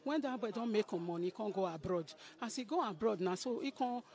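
A middle-aged woman with a Nigerian Pidgin English accent gives an emotional spoken testimony, acting out what others said to her. Her medium-pitched voice is expressive and a little mellow, and she talks a little fast.

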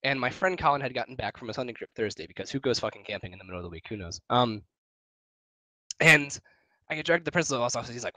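A man's voice: medium pitch, animated, quick pace, sharp tone, no room sound. A young man from Wisconsin telling a story in casual, profane podcast chat. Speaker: podcast co-host.

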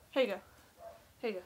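A woman's voice: medium pitch, noisy background. A young woman, chatting playfully and breathlessly in her bedroom, giggling and teasing. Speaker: vlogger. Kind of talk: casual chat.

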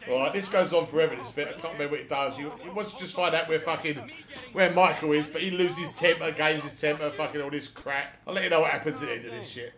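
A man's voice: fairly high pitch, fast, crowd noise. A middle-aged British man giving a sweary, laughing running commentary while playing a video game. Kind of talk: casual let's-play commentary. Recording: echoey room.

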